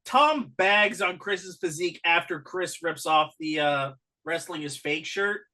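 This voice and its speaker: A podcast co-host in a loose wrestling recap, wry and teasing in quick exchanges. The voice has a bright, forward tone at a middling pitch. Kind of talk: casual wrestling recap chat.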